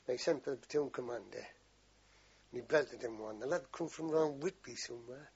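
Older man, rambling and husky. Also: fairly high pitch, lively intonation, moderate pace, dark tone, highs cut off. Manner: rambling, salty storytelling with frequent swearing. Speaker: veteran interviewee. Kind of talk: oral history interview.

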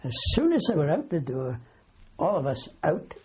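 A man's voice: a little high, big pitch swings, moderate pace, a little mellow, husky, muffled recording. An older man, a wartime aircrew veteran, telling a long anecdote in an oral history interview. He rambles, corrects himself as he goes and keeps a dry humour.

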